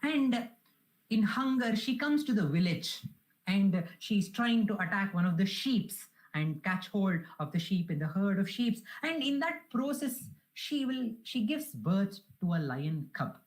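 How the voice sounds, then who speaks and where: A woman's voice: medium pitch, expressive, a little slow, poor audio. A woman giving a devotional talk, telling a parable in an earnest, reverent way. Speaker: spiritual speaker.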